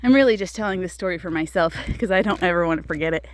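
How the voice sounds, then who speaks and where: A vlogger with a fairly low voice talks rapid-fire, with no room sound, while walking outdoors on an icy path. She casually tells a personal story to camera, chatty and often laughing between phrases.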